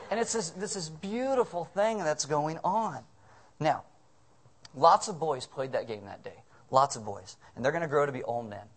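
Male pastor, sermon storyteller, lively and earnest. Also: on the high side. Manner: animated storytelling, chuckling asides.

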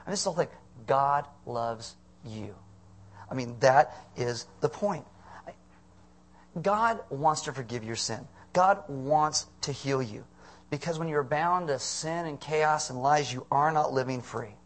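A man's voice: mid-range voice, lively intonation, moderate pace. A middle-aged man preaching a conversational sermon as pastor, asking the congregation questions.

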